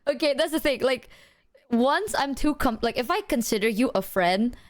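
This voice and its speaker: A woman's voice: high-pitched, expressive, moderate pace. A young woman streamer in casual chat, rambling, swearing a lot and often breaking into laughter.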